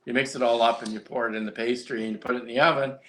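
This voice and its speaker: A man's voice: medium pitch, fairly even intonation, rapid-fire, fairly bright tone, a little hiss or hum. A man co-hosting a casual live-stream chat, telling long rambling stories with fillers and restarts. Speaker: co-host.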